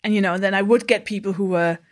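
Woman from Denmark, comedian guest, candid podcast talk, reflective, blunt, casual swearing, mid-pitched voice. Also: quick pace.

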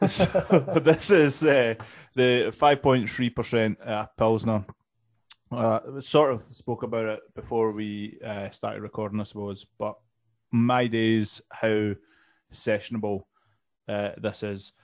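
A man's voice: fairly low pitch, takes it slowly. A man co-hosting a casual podcast, describing a beer enthusiastically with many fillers and restarts. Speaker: podcast co-host. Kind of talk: casual chat, tasting notes.

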